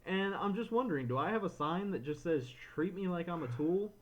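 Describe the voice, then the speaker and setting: A man co-hosting a podcast, telling a frustrated story in casual chat, animated and ranting, slipping into quoted voices. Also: sits high, fairly quick. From Florida, USA. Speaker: podcast co-host.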